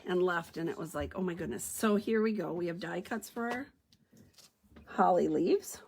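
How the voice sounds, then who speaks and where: A woman's voice: on the low side, expressive, moderate pace, creaky, darkish tone, a little hiss or hum. A woman giving a chatty card-stamping tutorial, thinking aloud as she works. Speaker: stamping demonstrator. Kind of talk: craft tutorial demo.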